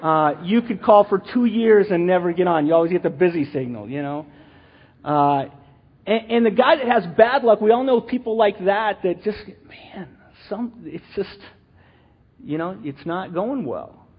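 A middle-aged man giving a rambling, animated church teaching, full of restarts and asides. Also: high voice, normal speed, breathy edge, muffled recording. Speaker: lay teacher.

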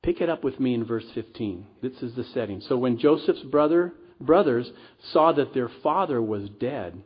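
A man's voice: medium pitch, lively intonation, moderate pace, husky. A middle-aged man preaching a sermon as pastor at a church service, earnest and conversational with casual asides. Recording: dull lo-fi recording.

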